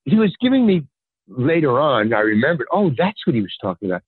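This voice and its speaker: Brisk and husky, this older podcast guest tells a rambling, casual anecdote, bringing its people to life with sudden shifts in pitch. He uses a lot of fillers and starts sentences over, and the tinny phone-line sound is dry with no echo.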